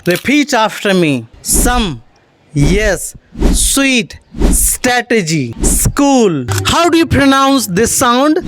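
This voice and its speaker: A woman teaching English pronunciation in slow, deliberate drills, repeating words for practice. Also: mid-range voice, expressive. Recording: noisy recording with clicks.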